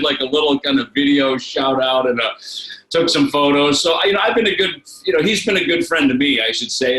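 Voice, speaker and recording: A man's voice: mid-range voice, bright, forceful tone. A man chatting as a guest in a casual interview, rambling through stories with many fillers and restarts over a video call. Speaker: guest musician. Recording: roomy echo.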